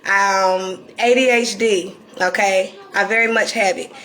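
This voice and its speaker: A woman from North Carolina with a Southern accent and a raspy, croaky voice, talking candidly and deliberately to viewers on a live stream. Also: mid-range voice, steady tone, fairly bright tone. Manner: reflective and candid, slowed deliberate delivery. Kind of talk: casual live-stream talk.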